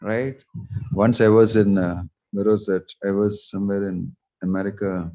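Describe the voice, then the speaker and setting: A man's voice: lowish voice, normal speed, low-quality recording. Man telling a sermon story. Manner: animated storytelling with voiced quotes and jokes. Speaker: monk giving discourse.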